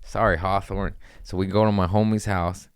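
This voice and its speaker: A young man telling a wild story in casual podcast chat, swearing freely and jumping into high voices when he quotes people. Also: moderate pace, smooth, no room sound, studio quality. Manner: animated, acts out quotes with sudden pitch jumps, swears freely.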